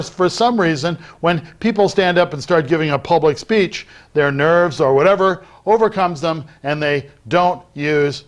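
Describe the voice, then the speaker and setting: A middle-aged man giving a recorded lecture on public speaking, acting out loud, soft, fast and slow delivery as he explains it. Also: fairly high pitch. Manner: demonstrates vocal techniques while teaching, varying loudness and pace. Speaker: debate lecturer.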